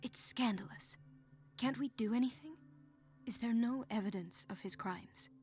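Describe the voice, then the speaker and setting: A woman's voice: a little high, moderate pace, darkish tone, close to an everyday voice. Anxious young nurse voiced by a woman, lots of worried questions, faint music. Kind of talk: video game voice acting.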